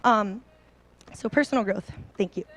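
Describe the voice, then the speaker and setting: A woman's voice: medium pitch, a little slow, no echo. A woman in her thirties speaking to a seminar audience on a handheld mic, bubbly and a little nervous, full of ums and likes. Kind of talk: personal talk to an audience. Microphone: handheld microphone.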